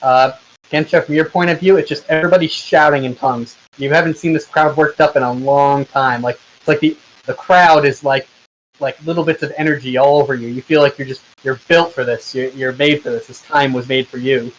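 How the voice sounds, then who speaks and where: A man running a tabletop game as game master, narrating casually with halting restarts over a voice call. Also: medium pitch, steady tone, slight background noise, poor audio. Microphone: headset or desk mic on a voice call.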